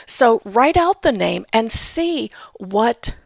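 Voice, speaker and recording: A woman's voice: a little high, very animated, slow pace, gravelly, dry recording, studio quality. A woman giving a patient instructional talk on family history research, spelling out names letter by letter. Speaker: genealogy instructor.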